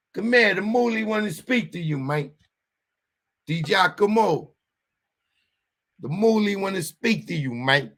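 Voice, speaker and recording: A man's voice: fairly high pitch, creaky, pushed and bright, pitched above the performer's own voice, heavily acted. A man putting on the voice of a tough Italian-American mobster, wheedling and drawing out a name. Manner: wheedling gangster talk, drawn-out name calling.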